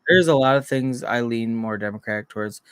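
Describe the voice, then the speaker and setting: A man's voice: medium pitch, a little fast, fairly bright tone, smooth, no echo. A man in his thirties co-hosting a podcast, talking in a blunt, profane, rambling way in casual chat. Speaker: podcast co-host.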